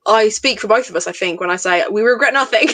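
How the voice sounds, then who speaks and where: A young woman hosts a livestream book club, chatting casually, teasing her guests and laughing often. Her medium-pitched voice is a bit bright, and she talks fast.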